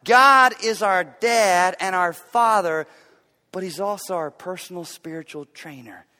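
A man in his forties preaching a sermon in a church, telling stories in an animated way with loud bursts of effort. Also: high voice, measured pace, long reverb tail. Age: 40s. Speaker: pastor. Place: church sanctuary.

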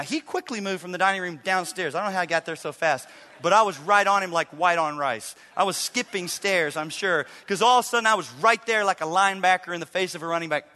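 A middle-aged man preaching a sermon as a pastor, telling a story with animated acted-out quotes. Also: high-pitched. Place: church sanctuary. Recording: reverberant live church hall.

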